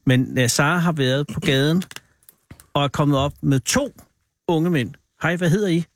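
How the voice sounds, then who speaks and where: A man's voice: a little high, moderate pace, no room sound. A male radio host with a Danish accent, chatting playfully with guests in English and stumbling over words now and then. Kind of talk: casual call-in radio chat.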